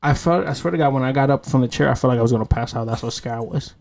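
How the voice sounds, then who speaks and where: A man's voice: mid-range voice, very fast, vocal fry. A man in his late twenties hosting a podcast, telling stories in a casual, swearing chat. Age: 20s. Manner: animated storytelling, heavy swearing. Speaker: podcast host.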